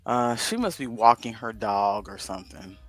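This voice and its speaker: A man's voice: fairly low pitch, animated, moderate pace, no echo. A man co-hosting a casual livestream, rambling and thinking aloud to himself as he works through a crossword. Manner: rambling, talks to himself while solving a crossword. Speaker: livestream co-host.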